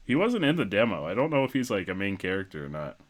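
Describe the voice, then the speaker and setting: A man's voice: on the low side, big pitch swings, fast talker. A young man streaming a video game, chatting casually with viewers and laughing often. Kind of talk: casual gameplay commentary. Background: game music.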